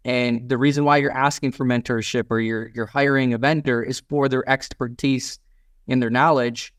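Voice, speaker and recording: A man's voice: medium pitch, fairly even intonation, fairly quick, smooth, no room sound, studio quality. A man hosting a casual business interview, talking bluntly, cursing now and then, and acting out what people say. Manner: blunt, swears casually, quotes people in little acted lines. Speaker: podcast host.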